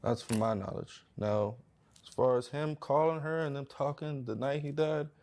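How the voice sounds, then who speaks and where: Brief: man in casual talk, mid pitch, careful and qualifying. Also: darkish tone. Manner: measured, hedging. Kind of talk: casual discussion.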